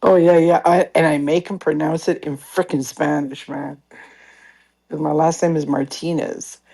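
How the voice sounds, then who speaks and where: A woman's voice: deep voice, moderate pace, creaky, breathy edge. A woman telling a story in casual call-in chat, acting out what others say to her. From Canada. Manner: animated storytelling, acts out others' lines.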